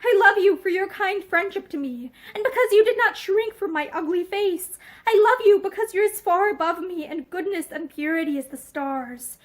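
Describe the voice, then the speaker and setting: A woman reading aloud voices a gentle man who speaks slowly and earnestly, held back by feeling. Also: very high-pitched, voice pushed up. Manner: slow, labored, earnest. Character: plain-faced man, gentle and restrained.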